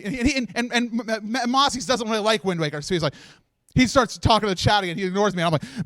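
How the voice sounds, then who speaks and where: With a high, smooth, slightly bright voice, a man stumbles tearfully through the closing thanks of a charity marathon livestream from its stage set. He keeps starting sentences over and laughs through his crying in this emotional live speech, and the recording is dry and close.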